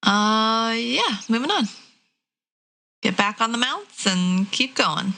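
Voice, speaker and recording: A woman's voice: fairly high pitch, expressive, slow pace, vocal fry, pushed and bright. A woman playing a tabletop game, chatting in an easygoing way. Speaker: player. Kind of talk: casual play.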